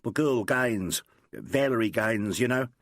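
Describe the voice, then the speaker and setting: Here the narrator performs a young New police sergeant who admiringly gushes his tale with bouncy energy, chatty and full of slang. His mid-range voice moves at a measured pace, recorded close and dry without echo.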